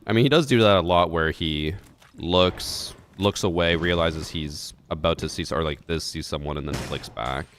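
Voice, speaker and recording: A man's voice: deep voice, moderate pace, a bit bright, slight background noise. A man streaming and reviewing a match replay, chatting casually and thinking aloud with fillers. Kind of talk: casual gaming chat.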